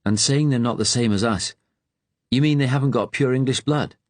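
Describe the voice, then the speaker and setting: A man voicing Bert, a blunt, indignant husband who speaks gruffly, in a storybook audiobook. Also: low voice, steady tone, fairly quick, darkish tone, no echo.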